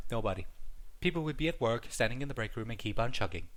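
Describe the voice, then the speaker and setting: A man's voice: medium pitch, lively intonation, quick pace, a bit bright. A young man reading a scripted stand-up comedy monologue in a wry, joking manner, recorded on a headset mic.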